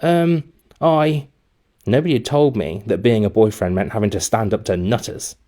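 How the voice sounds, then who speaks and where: A man, a teacher reading a children's book aloud in a lively way. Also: lowish voice, brisk. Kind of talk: storybook narration.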